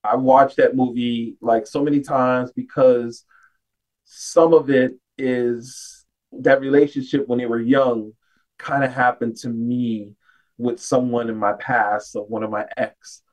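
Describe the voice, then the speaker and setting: A man's voice: medium pitch, level tone, takes it slowly, distant mic, rough recording. Easygoing male podcast guest. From United States. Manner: loose, filler-heavy, heartfelt. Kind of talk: casual podcast chat.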